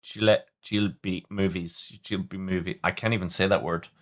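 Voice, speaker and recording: A man's voice: deep voice, fairly even intonation, moderate pace. A man hosting a casual livestream, chatting with viewers in a rambling way, often stumbling and restarting. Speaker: livestream host reading chat.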